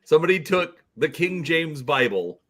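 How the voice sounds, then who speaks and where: A man chatting casually in a lively way, laughing often. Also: fairly high pitch, moderate pace. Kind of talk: casual chat.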